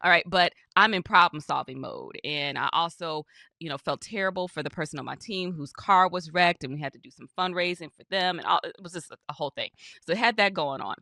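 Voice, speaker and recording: A woman's voice: on the low side, brisk, vocal fry, bright, forceful tone, no room sound, clean studio sound. A woman who hosts a podcast as a reverend, telling a personal story in a candid, conversational way with casual asides. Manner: candid, conversational, with frequent "you know" asides.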